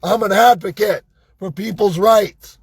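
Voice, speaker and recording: An older man with a high, husky voice vents in a slow, agitated monologue, swearing and asking "right?" again and again. The sound is dry and close, with no room around it. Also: no echo. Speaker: vlogger. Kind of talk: angry personal monologue.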